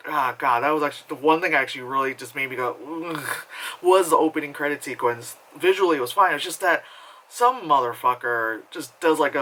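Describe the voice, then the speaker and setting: A man's voice: a little high, bright, forceful tone, poor audio. A man talking casually from home as he reviews a movie, rambling, swearing freely and laughing at himself. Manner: rambling, profane, self-mocking with frequent laughs.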